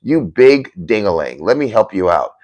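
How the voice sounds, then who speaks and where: In a fairly low, darkish, sing-song voice at a moderate pace, a man reads viewers' comments on his political livestream. He fires back in a scolding, combative way, labeling critics dummies and pounding his points through repeated emphatic lists.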